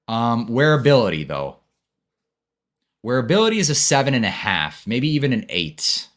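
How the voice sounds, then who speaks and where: A man's voice: mid-range voice, very animated, moderate pace, fairly bright tone. A man hosting a casual live-stream fragrance review, laid-back and friendly, talking to his viewers as bro and brother.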